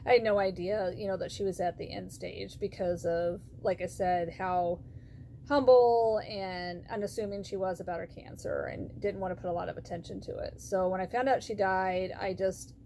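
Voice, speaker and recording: A woman's voice: mid-range voice, fairly even intonation, normal speed, vocal fry, warm tone, a little hiss or hum. A middle-aged woman sharing a personal faith testimony, heartfelt and rambling with lots of fillers. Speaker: vlogger.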